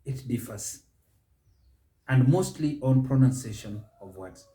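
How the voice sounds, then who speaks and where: Slow deliberate Kenyan man teaching. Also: mid-range voice, animated, dark tone. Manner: slow, deliberate, stretches key words. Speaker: show host and English pronunciation teacher. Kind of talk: measured spoken lesson. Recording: echoey room.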